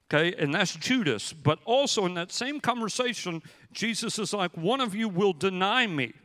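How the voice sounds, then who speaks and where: A male pastor preaching a sermon, telling a story with animated, acted-out quotes. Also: sits high, normal speed, in a large hall.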